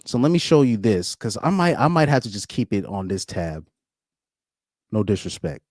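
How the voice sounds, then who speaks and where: A man's voice: on the low side, big pitch swings, normal speed, darkish tone, dry recording, studio quality. A man doing casual live-stream commentary, rambling and repeating words, often breaking into laughs.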